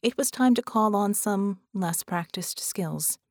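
A woman narrating an audiobook in a measured, steady reading voice. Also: mid-range voice, no room sound, clean studio sound. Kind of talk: scripted narration.

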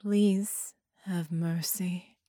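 A woman voicing an exhausted captive woman who speaks in a tired, monotonous whisper. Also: fairly low pitch, extremely slow, no room sound, clean studio sound. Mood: lifeless. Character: exhausted captive woman, flat then fierce.

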